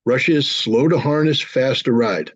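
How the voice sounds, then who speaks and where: Man, guest commentator, blunt and indignant, husky voice, dry dull lo-fi sound. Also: medium pitch, normal speed, dry recording. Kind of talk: political commentary in an online interview.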